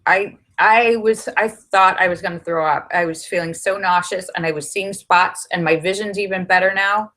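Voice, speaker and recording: A woman's voice: fairly low pitch, moderate pace, few pauses. A middle-aged woman chatting on her livestream, telling a story and acting out what people said. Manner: chatty storytelling, animated when quoting people. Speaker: livestream host. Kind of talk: casual livestream chat. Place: her home in Los Angeles.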